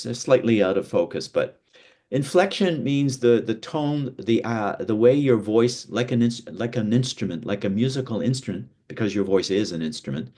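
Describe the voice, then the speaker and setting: A North American man with a mid-range, slightly mellow voice teaches an online lesson on speaking and presentation. Seated indoors away from a window, he restarts often and demonstrates points emphatically.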